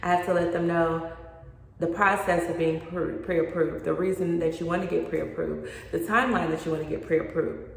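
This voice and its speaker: Gravelly woman vlogging in an echoey room. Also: lowish voice, fairly even intonation, moderate pace. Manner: frank, emphatic, repeats points for stress. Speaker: mortgage loan officer. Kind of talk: direct-to-camera advice vlog. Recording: very echoey room with long reverb.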